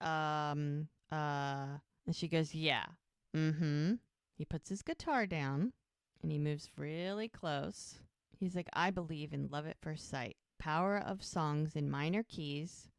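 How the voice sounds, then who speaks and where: Low-voiced woman recapping a show. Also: no echo, clean studio sound. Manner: animated retelling, acting out the characters' lines. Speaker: podcast co-host. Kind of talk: casual recap of a TV episode.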